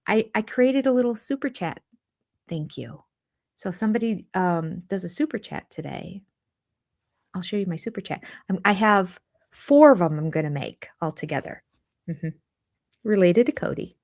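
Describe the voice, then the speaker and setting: A woman's voice: lowish voice, lively intonation, normal speed, gravelly, long pauses, a little mellow. An older woman hosting a live chat from her home, rambling and jumping between topics. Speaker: channel host. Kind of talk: live chat reviewing a reality show. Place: home room.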